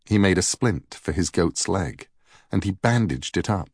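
A man narrating a myth as a storybook reading in an unhurried, expressive way. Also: sits low, vocal fry, breathy edge, no echo, clean studio sound.

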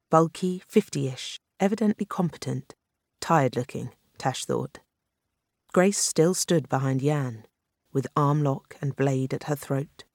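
An audiobook narrator reading a thriller in a measured, even way. The voice sits at a middle pitch. The recording is dry and close, with no room sound. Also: no echo. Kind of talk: scripted narration.

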